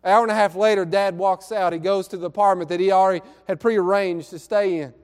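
A man preaching a sermon, telling a story in an earnest way and drawing out key words slowly. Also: high voice, fairly even intonation, a little mellow, smooth, big-room sound. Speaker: pastor. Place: church sanctuary.

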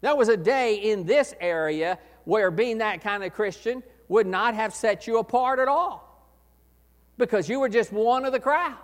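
A man preaching a sermon as pastor, earnest, swelling to loud emphasis and dropping low again. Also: a little slow. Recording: echoey hall reverb.

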